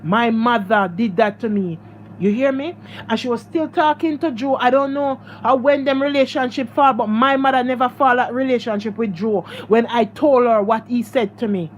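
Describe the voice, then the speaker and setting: High-voiced Jamaican woman venting to viewers. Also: normal speed, a little hiss or hum. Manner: emphatic and repetitive, addressing viewers directly. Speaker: vlogger. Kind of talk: emotional storytime vlog.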